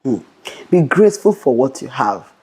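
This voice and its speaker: A young adult woman vlogger giving a fast, bold motivational Christian talk to camera, often repeating "okay". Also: rumbling low, very animated, dark tone, husky.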